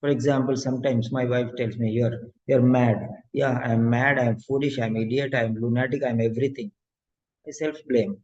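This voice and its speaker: A man coaching students for an exam, giving a preachy motivational talk in a mid-pitched voice and repeating lines for emphasis. The sound is dull and lo-fi. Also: fairly even intonation, normal speed, darkish tone. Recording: dull lo-fi lecture audio.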